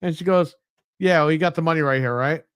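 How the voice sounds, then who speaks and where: A man's voice: a little high, fast, smooth, no room sound, studio quality. A man co-hosting a gaming podcast, telling rambling anecdotes with casual swearing. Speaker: podcast co-host. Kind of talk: casual chat.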